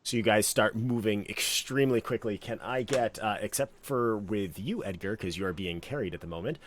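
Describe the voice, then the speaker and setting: Low-voiced man running a tabletop game. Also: a little fast, slight background noise. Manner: relaxed, meandering narration with many fillers. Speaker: game master.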